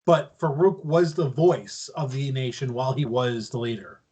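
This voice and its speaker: A man's voice: mid-range voice, moderate pace, warm tone, husky. A man co-hosting a casual wrestling podcast, blunt and casually profane. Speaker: podcast co-host.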